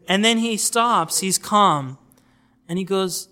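A man giving an informal religious lecture on outreach, telling stories in a lively way and acting out the people he quotes. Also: high-pitched, normal speed, smooth. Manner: animated storytelling, acts out quoted voices. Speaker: Islamic preacher teaching outreach.

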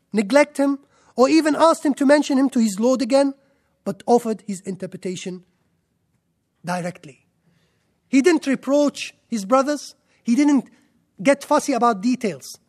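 A man with a strikingly high voice preaches a sermon. He talks emphatically, stacking up lists and repeating phrases to drive each point home. His delivery is that of a teacher guiding an audience. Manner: emphatic, rhetorical, with lists and repetition.

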